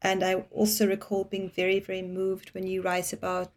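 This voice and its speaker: A woman hosting an interview, speaking in a measured, thoughtful way and building long reflective questions for her guest. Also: mid-range voice, completely flat delivery, a little mellow. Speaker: podcast host interviewing a guest.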